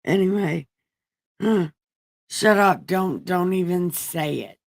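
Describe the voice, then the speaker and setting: Woman streamer reading scripture all casual and cussing, low voice, slow, dry sound. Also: creaky, a little mellow, no room sound. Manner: profane, wisecracking paraphrase. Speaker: livestream host. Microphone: home streaming setup.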